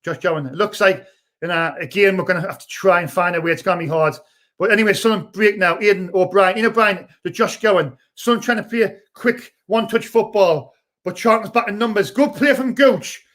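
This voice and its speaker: A young man, hosting a live fan stream and commentating excitedly, shouting during attacks. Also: high voice. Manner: shouts and rushes during attacks, chats between. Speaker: fan channel host.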